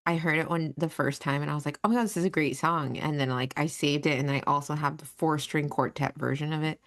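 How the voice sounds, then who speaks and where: A woman co-hosting a casual podcast, telling stories in an animated way and laughing often. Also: deep voice, fast. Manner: animated storyteller, says dude a lot, laughs often. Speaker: co-host.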